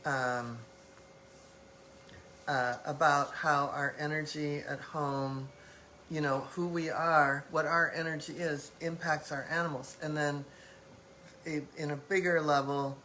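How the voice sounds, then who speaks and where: A woman's voice: sits low, flat delivery, unhurried, fairly bright tone, a little hiss or hum, poor audio. A woman hosting a live-stream talk, speaking reflectively in loose phrasing with many fillers. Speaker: host.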